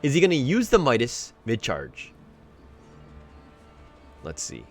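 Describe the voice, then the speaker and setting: A man giving casual replay commentary on a video game match, chatty with joking asides and rising excitement during fights. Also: medium pitch, slow, soft background music. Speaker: game analyst.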